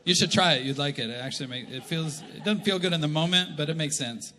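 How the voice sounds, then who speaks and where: Bright-voiced joking Canadian pastor. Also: male voice, fairly high pitch, quick pace. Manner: animated, jokey, acts out quotes. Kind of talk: humorous sermon storytelling. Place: large church hall. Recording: live church hall reverb.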